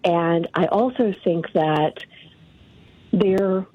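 A woman calling in to a radio show, giving her opinions in a deliberate, measured way. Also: lowish voice, dark tone, husky, dry recording. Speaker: caller. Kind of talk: radio call-in. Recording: muffled phone line.

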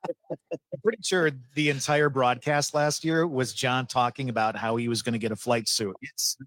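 A man's voice: medium pitch, fairly even intonation, normal speed, fairly bright tone, no room sound, rough recording. A man chiming in with wry remarks in casual radio studio chatter.

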